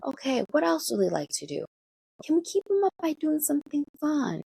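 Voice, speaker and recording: A woman doula giving parenting advice in a coaching manner, often checking in with listeners and swinging her pitch and pace expressively. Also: very animated, a little fast, creaky, dark tone, no room sound.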